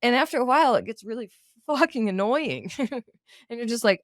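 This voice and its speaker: A woman's voice: a little high, very animated, fairly quick, dry recording, clean studio sound. A woman in her thirties co-hosting a podcast, chatting casually, laughing often and acting out other people's lines. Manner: laughs often, acts out coworkers' lines in funny voices. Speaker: podcast co-host. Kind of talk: casual chat.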